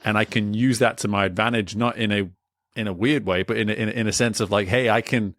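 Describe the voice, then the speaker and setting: A man hosting a podcast interview, talking in an animated, casual way with many restarts. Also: on the low side, fast, no echo, studio quality. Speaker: podcast host and coach.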